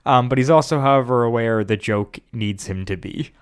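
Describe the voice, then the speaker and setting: A young man co-hosting a casual podcast chat, talking in halting stops and restarts with dry jokes. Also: medium pitch, smooth. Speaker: podcast co-host.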